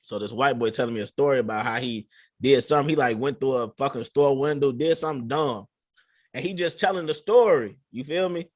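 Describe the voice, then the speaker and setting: A man's voice: medium pitch, brisk, dry recording, clean studio sound. A young adult man hosting a casual podcast, telling stories loosely in heavy slang with plenty of swearing. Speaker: podcast host.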